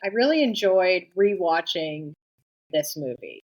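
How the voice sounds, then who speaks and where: A woman's voice: on the low side, sing-song, unhurried, low-quality recording. Giggly woman podcast co-host. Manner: casual, giggly, trails off mid-thought. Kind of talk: casual chat.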